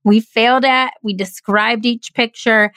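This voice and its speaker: A woman's voice: on the high side, fairly even intonation, a little slow, a bit bright, dry recording. A woman hosting a podcast, chatting enthusiastically with frequent restarts. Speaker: podcast host. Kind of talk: casual podcast chat.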